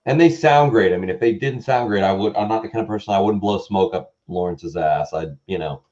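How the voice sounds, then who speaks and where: A man's voice: fairly low pitch, a little fast, darkish tone, highs cut off. A man co-hosting a casual livestream chat, rambling and easygoing.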